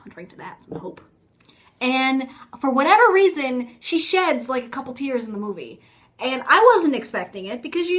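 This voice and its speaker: Young woman, high voice, chatty, self-mocking, filler-heavy, casual phone vlog. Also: fairly bright tone. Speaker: vlogger. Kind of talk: casual rambling vlog monologue. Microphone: phone camera.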